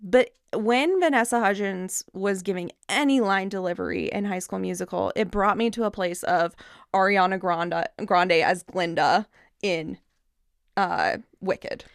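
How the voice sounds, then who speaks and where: A woman's voice: mid-range voice, clear, resonant tone, no room sound. Chatty woman hosting a podcast, dry sound. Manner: chatty, quick to agree, mimics characters in quotes. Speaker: podcast host. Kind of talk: casual chat.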